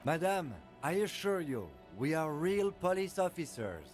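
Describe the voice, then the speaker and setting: A man voicing a calm, polite and formal male police officer in a video game. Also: on the high side, soft background music. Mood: measured. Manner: measured and polite.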